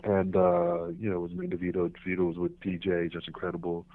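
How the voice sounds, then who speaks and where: A man, a former wrestler guesting on a podcast, telling stories in a lively, animated way and acting out the people in them. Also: low-pitched, fast. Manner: animated storyteller, acts out voices and laughs. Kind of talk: casual storytelling interview. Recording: tinny phone line.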